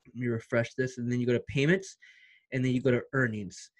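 A young man vlogging about his online side income in an excited, repetitive, slangy pep-talk style. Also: medium pitch, fairly quick. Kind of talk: energetic motivational vlog talk.

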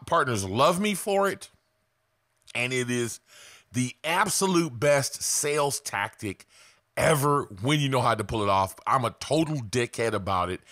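A man's voice: medium pitch, fairly bright tone, no room sound, studio quality. A man giving casual, blunt sales coaching to camera, swearing freely.

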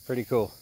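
A man giving casual, joking commentary outdoors by a pond while fishing, excitable and quick to chuckle. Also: slight background noise. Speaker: fishing vlogger.

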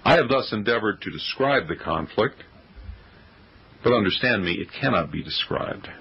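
A man's voice: on the low side, expressive, normal speed, slightly rough, muffled recording. A man reading a sermon aloud in a solemn, formal oratorical manner. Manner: solemn, formal oratory with old-fashioned wording.

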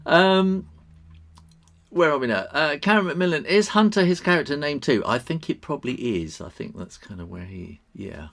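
A man's voice: on the high side, lively intonation, normal speed, gravelly, fairly bright tone. A middle-aged man, an illustrator, chatting cheerfully through a live drawing demo and reading out viewer comments, laughing often.

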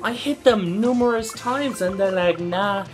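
A woman hosting a gaming channel, giving let's-play commentary and shouting fruit words in place of curses when exasperated. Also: on the high side, moderate pace. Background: background music.

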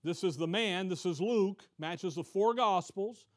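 Pastor guy, fairly high voice, chatty bible teaching, lots of questions and restarts. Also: measured pace. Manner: conversational, restarts, rhetorical questions, reads scripture aloud. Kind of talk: expository Bible-study sermon.

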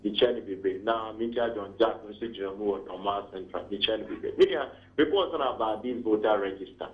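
A man's voice: fairly low pitch, fast, phone-quality sound. A man with a Ghanaian accent calling a radio talk show, arguing his point in Twi and pidgin English. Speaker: caller. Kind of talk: radio call-in commentary.

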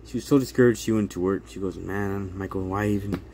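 Animated man telling a story, lowish voice. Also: fairly quick, a little hiss or hum. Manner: animated retelling, acts out quotes, laughs often, keeps asking "right?". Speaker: channel host telling a court story. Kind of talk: casual storytelling to camera.

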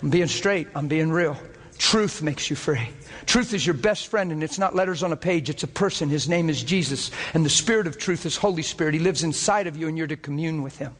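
A man preaching a sermon, fervent and earnest, often breaking into laughter as he gets excited. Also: on the high side, fairly quick, big-room sound.

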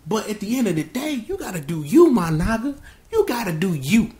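A young woman teammate talks gently and quietly to calm a friend down, as a man puts her on. Her voice stays soft and low-key, with the pitch still moving freely. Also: fairly quick. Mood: soothing.

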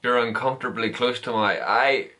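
A man's voice: medium pitch, steady tone, normal speed, background noise. A young man, chatting casually and teasing his girlfriend in good humour. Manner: laid-back, complaining in good humour. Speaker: vlogger's boyfriend. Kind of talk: casual chat.

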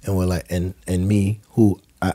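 A man's voice: deep voice, little pitch movement, moderate pace, dark tone. A man from the US Virgin Islands with a Caribbean accent, telling a story as a podcast guest in a laid-back, rambling, slangy way. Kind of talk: animated storytelling.

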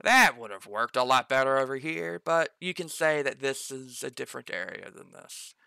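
A man's voice: mid-range voice, big pitch swings, normal speed, gravelly, sharp tone, clean tone, no echo. A man game master thinking aloud as he builds a dungeon map, muttering corrections to himself and noting he has slipped into an odd accent.

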